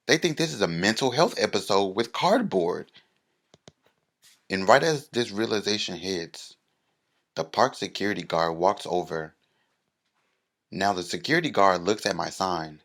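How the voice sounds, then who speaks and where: A man telling a comic story, animated and bursting into mock-rally shouting. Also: deep voice. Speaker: comedian.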